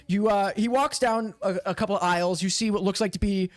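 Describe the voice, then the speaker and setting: A man's voice: sits high, fairly even intonation, fairly quick, dry recording. A man narrating a tabletop game as game master, casual and full of fillers.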